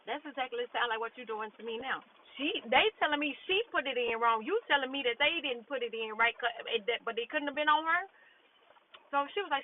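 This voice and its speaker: A woman's voice: high voice, fast. A woman telling a work story in a blunt, profane, frustrated casual rant, acting out what others said. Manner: blunt, profane, frustrated, retelling with quoted dialogue. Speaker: vlogger. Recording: tinny phone-like audio with faint noise.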